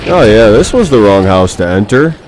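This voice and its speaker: Male gameplay commentator, lowish lively voice, jokey, battle sounds behind. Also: normal speed, slight background noise. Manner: joking, banters at the audience as boys. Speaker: gaming commentator.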